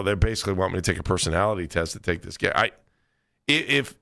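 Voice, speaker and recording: A man's voice: lowish voice, creaky, sharp tone, dry recording, clean studio sound. A male sports radio host talking casually, often restarting his sentences. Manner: conversational, stammering restarts.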